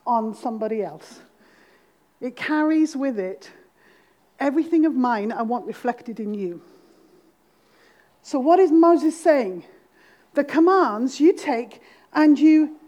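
A middle-aged Welsh woman with a Welsh accent, preaching a sermon to a congregation with humor and dramatic pauses. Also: sits high, dark tone. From Wales.

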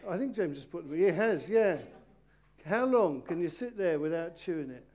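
During a church service, a man leads the children's talk in an animated, high, slightly mellow voice at normal speed. With playful coaxing, he addresses the young volunteers at the front directly while preaching to the congregation gathered around.

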